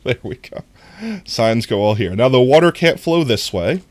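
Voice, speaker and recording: A man's voice: mid-range voice, lively intonation, moderate pace. A man streaming a game, chatting casually with his viewers, with a somewhat nasal voice. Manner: chatty, talks to viewers while playing. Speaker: livestreamer.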